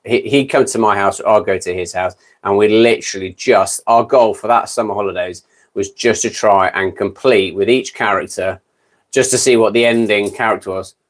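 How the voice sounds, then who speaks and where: A man's voice: fairly low pitch, fairly even intonation, normal speed. A British man in his fifties hosting a casual livestream chat, rambling and correcting himself as he goes. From Britain. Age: 50s. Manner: rambling, self-correcting, gabbling. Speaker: livestream host.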